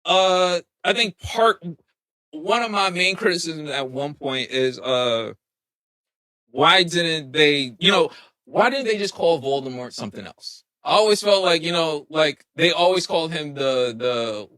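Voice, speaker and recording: A man co-hosting a podcast, giving a casual, joking movie recap full of slang and quick laughs. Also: fairly high pitch, no echo. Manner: animated storyteller, slangy, laughs often. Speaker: podcast co-host.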